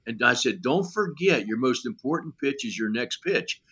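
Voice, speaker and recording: A man's voice: mid-range voice, moderate pace, breathy edge. An older man and former coach, telling blunt, salty stories in an interview and acting out each exchange with many "you know" fillers. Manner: animated storyteller who acts out dialogue, with many "you know" fillers. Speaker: former pitching coach, guest. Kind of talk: storytelling in a podcast interview.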